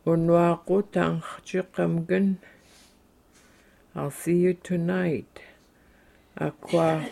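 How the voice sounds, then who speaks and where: A man slowly reading short everyday phrases in English, then saying each one in his native language for a language lesson. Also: fairly high pitch, creaky, darkish tone.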